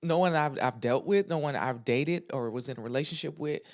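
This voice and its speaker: A woman's voice: very deep voice, a little fast, a little mellow. Blunt, emphatic woman podcaster. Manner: emphatic, repeats phrases for stress; talks straight to listeners, frank and blunt. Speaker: podcast host. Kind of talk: casual motivational podcast monologue.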